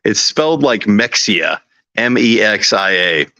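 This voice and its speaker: A man's voice: lowish voice, expressive, moderate pace, bright, forceful tone, dry recording. A man from Texas chatting casually on a livestream, laid-back, laughing easily and swearing freely. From Texas, USA. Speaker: podcast guest. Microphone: video call. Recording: dull, lo-fi stream audio.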